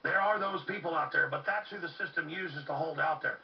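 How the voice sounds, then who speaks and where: A man's voice: fairly high pitch, fairly quick, gravelly. A man hosting a talk radio show, delivering an impassioned monologue with urgent repetition. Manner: fervent, ranting, with urgent repetition. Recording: muffled, distant, lo-fi recording.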